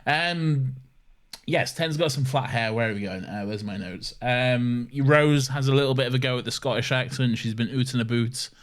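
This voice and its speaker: A man's voice: medium pitch, moderate pace, fairly bright tone. A man co-hosting a podcast in casual chat, teasing his co-host and laughing often.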